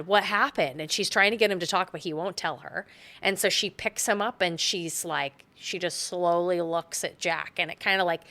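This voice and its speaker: A chatty woman podcast host with a fairly low voice, retelling a film scene casually. She leans on filler words and slips into the characters' lines as she goes. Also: fairly bright tone. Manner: chatty, full of "like" fillers, acts out quotes.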